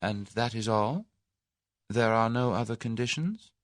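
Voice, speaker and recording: A man reading the lines of a brisk, frank young Englishwoman in a mystery audiobook. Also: medium pitch, no room sound, clean studio sound, pitched above the performer's own voice, close to an everyday voice. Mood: puzzled. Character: young English woman, spirited and shrewd.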